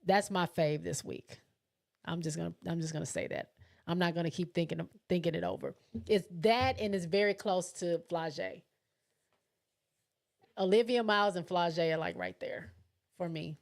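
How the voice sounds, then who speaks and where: On a casual livestream, a woman with a lowish, creaky voice chats loosely at a moderate pace, thinking aloud as she reads viewer comments. She leaves long pauses between thoughts.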